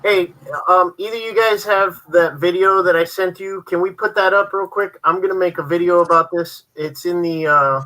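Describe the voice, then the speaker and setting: A man's voice: high voice, steady tone, moderate pace, hardly any pauses, sharp tone, poor audio. A man co-hosting a casual livestream chat, joking and laughing often as he teases the others. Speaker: livestream co-host.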